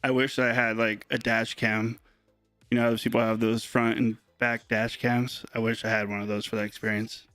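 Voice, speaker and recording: A young man breaking sports cards on a live stream, telling a story in a rambling, animated, casual way. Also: medium pitch, moderate pace, dry recording, soft background music.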